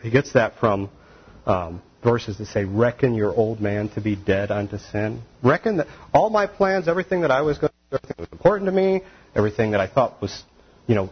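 A man preaching a sermon in an animated, conversational way, with asides and laughs. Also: mid-range voice, slightly rough, lo-fi sound.

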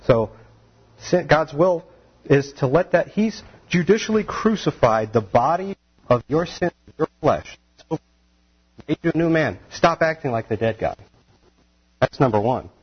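Male preacher, husky voice, animated and conversational, muffled lo-fi recording. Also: fairly high pitch. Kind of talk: sermon.

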